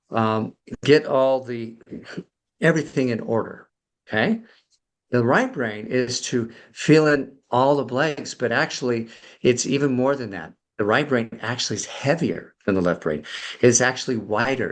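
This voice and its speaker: A middle-aged man, a podcast guest and emotional coach, explaining at length with many fillers and restarts. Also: mid-range voice. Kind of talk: conversational explanation.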